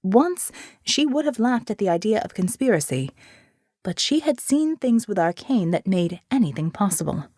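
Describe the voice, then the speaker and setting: A woman narrating an audiobook in a clear, expressive reading, on a close mic. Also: mid-range voice, normal speed, dry recording. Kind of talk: scripted narration.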